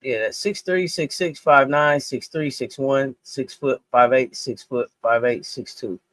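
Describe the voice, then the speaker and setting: A man's voice: mid-range voice, measured pace, fairly bright tone, dry recording. A man hosting a basketball talk show in loose, joking banter full of slang. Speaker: podcast host. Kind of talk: casual sports talk.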